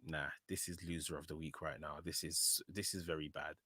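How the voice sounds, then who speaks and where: A man's voice: a bass voice, level tone, a little fast, pushed and bright, slightly rough, no room sound, clean studio sound. A man with a British accent giving a casual, opinionated wrestling review, often frustrated, full of "um" and "you know". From Nigeria.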